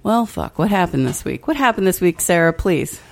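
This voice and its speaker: A woman's voice: on the low side, sing-song, normal speed, creaky. A woman co-hosting a casual chat, dry and sarcastic, swearing freely. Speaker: podcast co-host.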